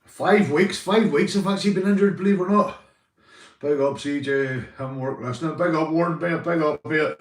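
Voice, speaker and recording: A man's voice: a little high, normal speed, distant mic. Rambling Northern Irish man, off-mic. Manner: rambling, swearing, calls viewers mate. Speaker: livestreamer. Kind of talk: casual live stream chat. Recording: roomy, off-mic sound.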